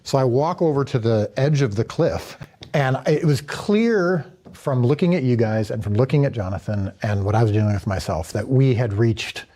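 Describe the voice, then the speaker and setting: A man's voice: mid-range voice, animated, moderate pace, dark tone. A man, the director of a series, telling a candid story in a panel conversation and acting out his own reactions.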